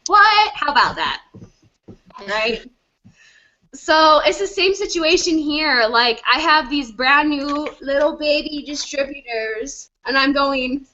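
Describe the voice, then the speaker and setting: A woman's voice: high-pitched, slow, sharp tone, highs cut off, a little hiss or hum. A woman leading a motivational group coaching session, asking her team many questions over a video call.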